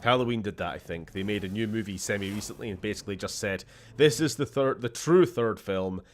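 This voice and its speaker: A Scottish gaming channel host gives casual, rambling let's-play commentary in a fairly low voice at a brisk pace. He laughs often and talks to the characters on screen.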